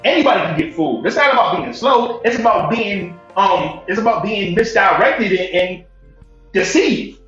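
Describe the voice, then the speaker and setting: A high, bright and forceful male voice, pressing his point and talking over others to be heard. He sounds far off in a very echoey room on a dull, muffled line, with faint music underneath. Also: expressive, moderate pace. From Connecticut. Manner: insistent, keeps cutting in to make his point. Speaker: panel speaker. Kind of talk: heated casual debate.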